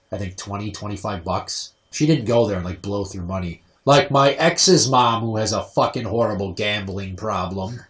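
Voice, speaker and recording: Profane, sarcastic young man telling stories. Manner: profane, sarcastic, mimics his mother in a shrill voice. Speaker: podcast host. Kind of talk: crude comedic storytelling.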